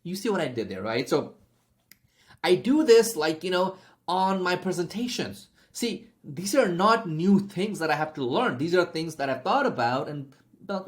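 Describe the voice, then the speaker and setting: A man's voice: high-pitched, sing-song, normal speed. A young man giving a casual spoken sales masterclass, chatty and constantly checking in with "okay?" and "right?". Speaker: sales trainer.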